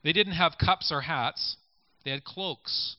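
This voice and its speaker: Man, preacher, conversational sermon, fairly high voice, muffled lo-fi recording. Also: takes it slowly, no echo. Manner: conversational, invites listeners to picture scenes. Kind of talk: sermon with scripture reading. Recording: dull lo-fi recording.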